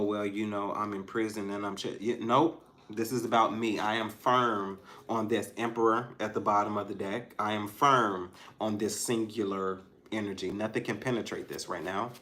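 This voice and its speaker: Guy reading tarot cards for his viewers, musing, keeps restarting, laughs softly. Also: on the low side. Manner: talks straight to the viewers. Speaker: tarot reader.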